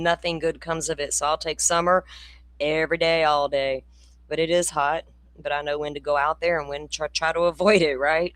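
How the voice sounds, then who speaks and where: A woman's voice: low voice, fairly even intonation, normal speed, no room sound. Chatty woman, older. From Florida. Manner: chatty, laughing, swearing, addresses viewers by name. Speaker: true crime channel host. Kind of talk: casual livestream chat.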